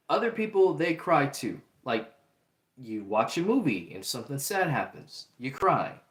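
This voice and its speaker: A man's voice: fairly high pitch, a bit bright. A young man hosting a livestream, talking in an earnest, repetitive way and reading out chat comments. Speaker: livestream host. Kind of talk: casual livestream talk. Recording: roomy echo.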